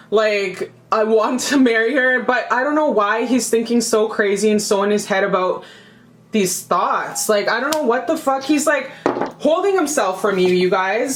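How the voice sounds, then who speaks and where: Chatty swearing woman reading tarot. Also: a little high. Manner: chatty, emphatic, swears freely, repeats phrases. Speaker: tarot reader. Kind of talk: casual tarot reading to camera.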